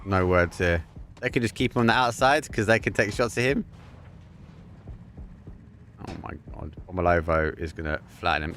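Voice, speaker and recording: Male esports caster, deep-ish voice, rapid live calls that spike into shouts, faint gunfire underneath. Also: slight background noise. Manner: excitable, bursts into shouts and laughter at big plays. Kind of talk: live play-by-play commentary.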